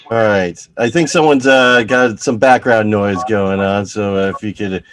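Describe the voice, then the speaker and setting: A man's voice: fairly low pitch, slight background noise. A man hosting a comedy show, introducing comics with upbeat, laughing energy. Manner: slow, upbeat, animated with lots of laughing. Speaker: show host.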